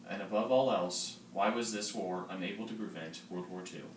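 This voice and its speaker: A teenage boy with a fairly low voice reads his part of a class project plainly and steadily. The sound is distant and roomy. Faint noise sits underneath. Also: fairly even intonation, moderate pace. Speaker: student presenter. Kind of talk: school project narration.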